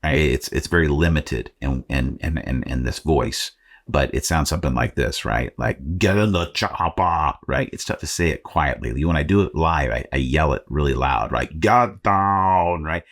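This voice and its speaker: Brief: man from Arizona, very low voice, casual and self-deprecating podcast host who speaks about faith and calling. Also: moderate pace. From Arizona, United States. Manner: conversational, self-deprecating, with frequent fillers. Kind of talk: motivational faith podcast talk.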